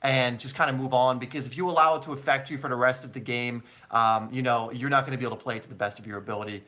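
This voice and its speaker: A man hosts a live question-and-answer stream, answering viewers in a loose, chatty way full of ums and restarts. His voice is bright and forward, sitting at an ordinary middle pitch for a man. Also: fairly even intonation, very fast. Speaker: soccer channel host.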